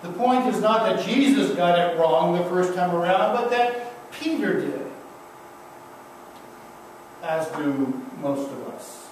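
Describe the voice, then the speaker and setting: Slow, high-voiced pastor in echoing church. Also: male voice, animated, darkish tone, a little hiss or hum. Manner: slow, emphatic preaching with repeated refrains. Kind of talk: sermon. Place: church sanctuary. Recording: echoey church from a distance.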